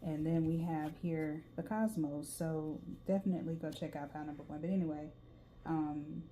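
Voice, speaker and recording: A woman's voice: deep voice, level tone, normal speed, warm tone. A woman with a Southern US drawl giving a casual tarot reading, chatty and reading card texts aloud. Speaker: tarot reader. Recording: faint background noise.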